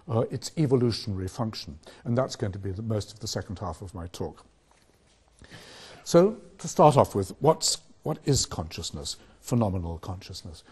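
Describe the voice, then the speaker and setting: An older man giving a university philosophy lecture, measured and reflective, posing rhetorical questions. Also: fairly low pitch, a little mellow, husky. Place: lecture hall.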